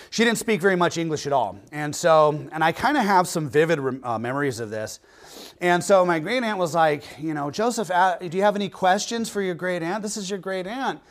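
A pastor preaching a casual, conversational sermon, often checking in with the congregation and telling stories with lively energy. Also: male voice, fairly high pitch. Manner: conversational, animated storytelling with frequent "okay?".

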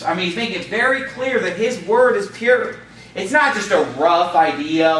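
Bright-voiced fervent preacher man, echoey church. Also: high voice, a little hiss or hum. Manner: preaching, fervent emphasis, reads scripture slowly. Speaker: pastor. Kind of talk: sermon. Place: church sanctuary. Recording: echoey church room, mic at a distance.

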